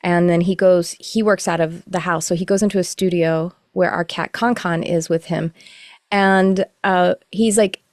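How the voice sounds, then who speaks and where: Woman, middle-aged, online class teacher, relaxed rambling, low voice, dry room. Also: normal speed, no room sound. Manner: relaxed, rambling explanation with self-corrections. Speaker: course teacher. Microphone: video call.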